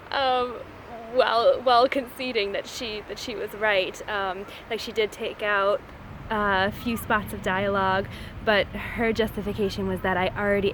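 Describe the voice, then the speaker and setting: A woman's voice: medium pitch, noisy background. A woman telling a story in a casual vlog, chatty, laughing often, and acting out what others said. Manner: chatty, laughs often, acts out quoted lines. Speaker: short story writer.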